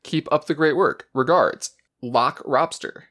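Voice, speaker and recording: A man's voice: a little high, measured pace, a bit bright. A man co-hosting a casual gaming podcast, telling stories and reading listener mail in an easygoing way. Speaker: podcast co-host. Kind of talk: casual chat.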